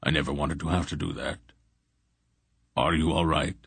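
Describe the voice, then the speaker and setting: A man reading an audiobook, voicing a stern old sorcerer who speaks grimly and in a measured way. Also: very deep voice, steady tone, gravelly, fairly bright tone, breathy edge, no echo, studio quality, exaggerated voice. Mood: grim gentle. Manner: grim, measured. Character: ancient stern old male sorcerer, grim.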